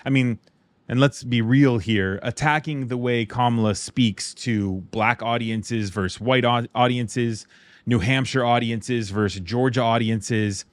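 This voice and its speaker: A man's voice: mid-range voice, dry recording. A man hosting a political commentary channel, speaking in an indignant, partisan way. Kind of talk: commentary voice-over.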